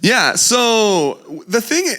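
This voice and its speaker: A man's voice: very high voice, sing-song, very slow, sharp tone. A man giving a casual talk at a conference, joking and chatting with the audience as he speaks. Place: conference hall before a crowd.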